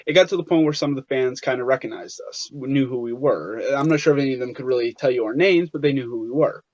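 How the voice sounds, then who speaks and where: A man's voice: mid-range voice, animated, fast talker, darkish tone. A young man as an interview guest, telling stories casually, with many fillers and restarts. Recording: dull, lo-fi sound.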